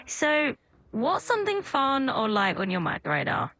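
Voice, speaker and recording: A woman's voice: high voice, huge pitch swings, measured pace, pushed and bright. A woman's voice with a British accent, an AI voice assistant chatting in an upbeat, soothing and accommodating way. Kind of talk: chatbot conversation.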